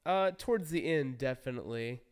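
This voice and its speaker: A man's voice: mid-range voice, expressive, brisk. A young man streaming, chatting casually and rambling through game stories with acted-out quotes. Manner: rambling storyteller acting out quoted lines. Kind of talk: casual gaming chat.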